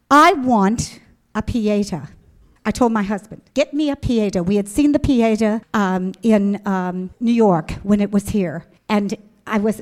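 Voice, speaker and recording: A middle-aged woman from the American Midwest giving a personal religious testimony to an audience, animated and emphatic, acting out her own past words. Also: mid-range voice.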